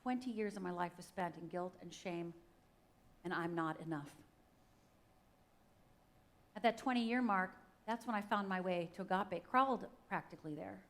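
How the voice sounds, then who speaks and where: A woman's voice: lowish voice, moderate pace, pauses often, a bit bright. A middle-aged woman from Upper Michigan giving a personal testimony talk at a church, speaking straight to the audience and acting out the voices in her story. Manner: dramatic storytelling, acts out quotes, addresses audience directly. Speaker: guest speaker. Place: church stage.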